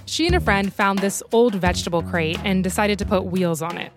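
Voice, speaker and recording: A woman hosting a podcast, telling a true story in scripted documentary narration with a measured storytelling manner. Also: medium pitch, music in the background.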